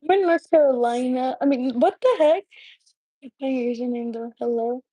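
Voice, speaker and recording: A woman's voice: high-pitched, moderate pace, warm tone, husky, no echo, rough recording. A young woman and mother chatting casually with viewers on a home livestream, rambling and filling her talk with "like". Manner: rambling and chatty, heavy use of "like". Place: at home indoors.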